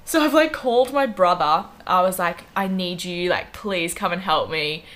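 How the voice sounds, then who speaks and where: A young Australian woman in her twenties, co-hosting a podcast and telling an animated story in casual chat, full of "like" and acted-out quotes. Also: on the low side, moderate pace. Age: 20s. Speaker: podcast co-host.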